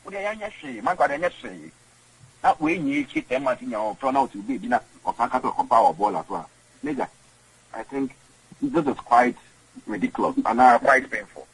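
A man's voice: medium pitch, wildly swooping pitch, moderate pace, gravelly, breathy edge, rough recording. A man with a Ghanaian accent, a guest in an interview, who rambles and repeats words. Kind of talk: conversational interview.

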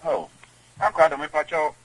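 A man with a Ghanaian accent, an interview guest talking in an animated, emotional way, mixing English and Twi. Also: a little high, moderate pace, slightly rough, low-quality recording.

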